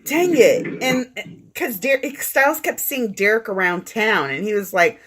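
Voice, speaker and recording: Woman co-host, lively swooping voice, bright tone, giggly casual chat. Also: mid-range voice, unhurried. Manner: animated and giggly, laughs often, acts out quotes. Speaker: podcast co-host. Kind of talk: casual chat about fan fiction.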